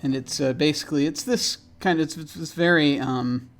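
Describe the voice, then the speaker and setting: A man's voice: a little high, normal speed. A man playing in a tabletop game and hosting the stream, telling his character's scene in a rambling way with many fillers and restarts. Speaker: player and show host. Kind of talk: casual tabletop game play.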